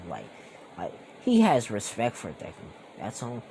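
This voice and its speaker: A man's voice: medium pitch, wildly swooping pitch, a little slow, background noise. A young man casually retelling a fan story, rambling with lots of fillers.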